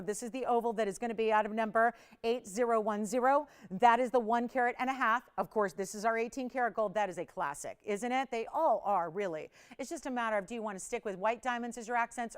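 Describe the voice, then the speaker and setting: A woman with a smooth, clear voice sitting a little high hosts a live television shopping show. She pushes urgent countdown offers, then drops into chatty, confiding asides. The sound is studio-recorded. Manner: urgent, pushy countdown pitching. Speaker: shopping channel host. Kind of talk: live TV sales pitch.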